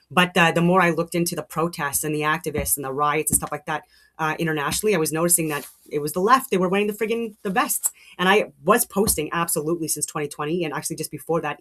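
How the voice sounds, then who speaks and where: Middle-aged woman host, rapid heated rambling monologue, lower voice. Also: a bit bright. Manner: heated, rambling, swears, many restarts. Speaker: show host. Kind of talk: casual monologue.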